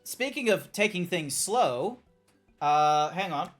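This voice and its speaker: A man streaming a video game, chatting casually with an animated, playful manner and exasperated little outbursts. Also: sits high, slow. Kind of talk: casual gameplay stream chat. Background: faint chill background music.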